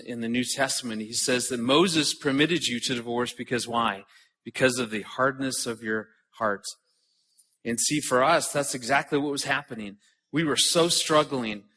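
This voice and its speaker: A middle-aged man addresses a conference audience in an earnest, personal way, often stumbling over the first words of a thought. His voice has a bright, forward tone. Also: mid-range voice. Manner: earnest, repeats words when starting a thought. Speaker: conference speaker. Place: conference hall stage.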